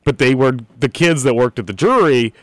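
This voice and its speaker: A man's voice: mid-range voice, normal speed, noisy background. A man co-hosting a sports radio show, chatting casually and laughing often. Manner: laughs often, lively intonation. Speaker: radio co-host.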